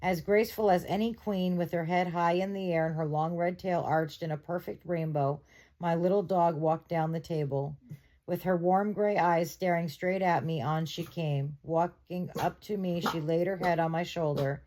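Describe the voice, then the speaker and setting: A woman's voice: fairly low pitch, fairly even intonation, moderate pace, dark tone. A woman reading a novel aloud to her viewers at home, with chatty asides. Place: bedroom at home.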